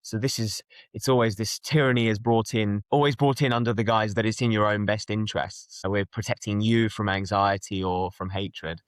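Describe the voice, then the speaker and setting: A man's voice: lowish voice, fairly even intonation, moderate pace, smooth, dry recording. A young man from London, speaking earnestly and emphatically as an interview guest, often restarting his sentences. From London, England. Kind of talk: conversational interview.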